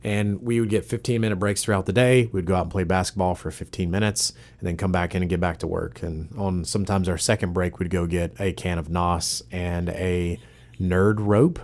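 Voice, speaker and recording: A man in his thirties co-hosts a relaxed podcast chat. His voice sits fairly low. He tells stories in a lively, joking way. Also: a little fast. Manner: animated, joking storyteller. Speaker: podcast co-host. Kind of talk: casual chat, storytelling.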